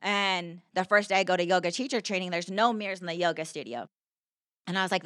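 A woman's voice: on the low side, fast talker, a bit bright, no echo, clean studio sound. A woman telling her personal story as a podcast guest, earnest and heartfelt, with lots of "like" fillers. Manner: earnest, heartfelt, heavy use of "like".

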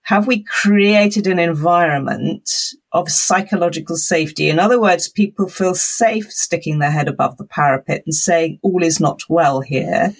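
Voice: mid-range voice, moderate pace. An expert guest in a conversational interview, explaining at length in a thoughtful, rambling way.

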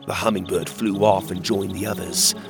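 A man narrating a children's fantasy story in the first person, with expressive storytelling. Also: sits low, normal speed, vocal fry, over music.

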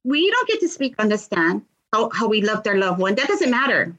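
A woman's voice: mid-range voice, sing-song, fairly quick, a bit bright, dull audio. Impassioned middle-aged woman. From Hawaii. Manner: earnest, impassioned, repeats words. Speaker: victims' advocate, guest. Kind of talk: emotional interview storytelling.

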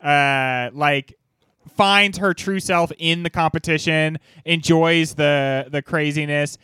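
A man's voice: fairly high pitch, steady tone, takes it slowly, bright, forceful tone, smooth, dry recording. A man co-hosting a casual movie podcast, talking enthusiastically and rambling a little. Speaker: podcast co-host.

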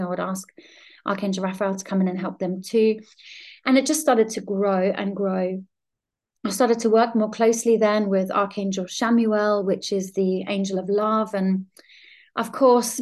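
A woman's voice: mid-range voice, darkish tone. Earnest woman sharing spiritual stories. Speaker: law of attraction coach. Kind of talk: spiritual podcast talk.

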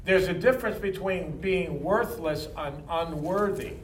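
A man's voice: high-pitched, measured pace, a little hiss or hum. A man preaching a sermon to a congregation, reading verses and leading call-and-response. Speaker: pastor. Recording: echoey hall from far off.

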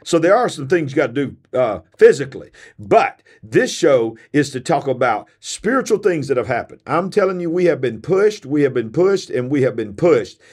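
A man's voice: medium pitch, sing-song, normal speed, darkish tone, breathy edge. Man, preacher host, tired, emphatic, repetitive, sermon-like. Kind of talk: fiery sermon-style podcast.

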